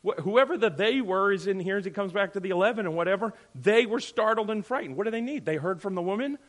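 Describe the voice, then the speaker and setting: A man teaching from scripture in a lively, conversational way, slipping into quick little voices for his listeners. His voice sits a bit high for a man and jumps between loud bursts and near-murmurs. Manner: animated, acts out quoted voices, sudden drops to near-murmur. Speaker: Bible teacher.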